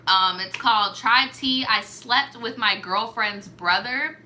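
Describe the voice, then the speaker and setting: A young woman hosting a casual storytime show, giving blunt, profane advice with animated reactions. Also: a little high, takes it slowly, slight background noise.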